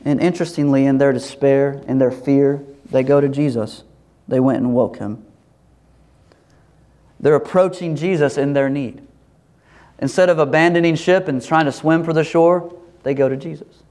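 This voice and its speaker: A pastor preaching a sermon in a lively, animated way, acting out voices as he tells the story. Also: mid-range voice, moderate pace, pauses often. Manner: animated, acts out quoted voices, laughs.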